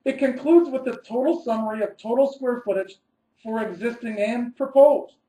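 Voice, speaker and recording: A man's voice: extremely high pitch, normal speed, mellow, roomy sound, a little hiss or hum, low-quality recording. A man, an architect, giving a scripted webinar presentation, reading methodically through numbered steps and stressing key words.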